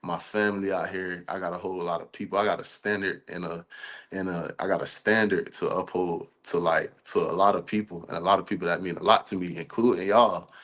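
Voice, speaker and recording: A young man with a very low, deep voice speaks as a guest on a podcast. His answers come out earnest and relaxed, full of casual asides. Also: fairly quick. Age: young adult. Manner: earnest, loose and conversational. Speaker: college football player, guest.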